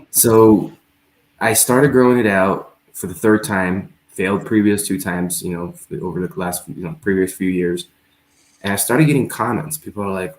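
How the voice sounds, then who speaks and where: A man's voice: low-pitched, moderate pace. A man hosting a talk show, speaking earnestly and reflectively as he tells a personal story in a casual discussion. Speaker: show host. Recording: roomy echo.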